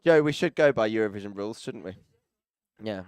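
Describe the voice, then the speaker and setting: A man's voice: on the low side, lively intonation, brisk, smooth, no echo. A man commenting live as arena announcer, chatty and teasing, with jokey asides to people around him, speaking into a close microphone.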